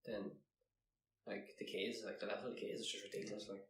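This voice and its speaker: A man's voice: on the low side, flat delivery, fast talker. A young Irish man talking loosely in a casual podcast chat, with lots of "like". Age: young adult. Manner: loose, laid-back, lots of "like". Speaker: guest, calisthenics athlete and coach. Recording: echoey room, off mic, faint ambience.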